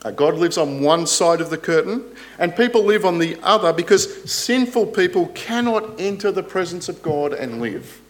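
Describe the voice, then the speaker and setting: A man preaching a sermon in an earnest, deliberate way, rising loud on quoted scripture and dropping soft at the ends of phrases, with rhetorical questions. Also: on the high side, animated.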